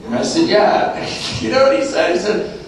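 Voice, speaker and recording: A man's voice: high voice, moderate pace. Self-mocking man telling his story. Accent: Southern Californian. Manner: self-mocking storyteller, animated, acts out voices. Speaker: speaker sharing his story at a recovery meeting. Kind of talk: personal recovery talk. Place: meeting room. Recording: distant mic in a roomy, noisy hall.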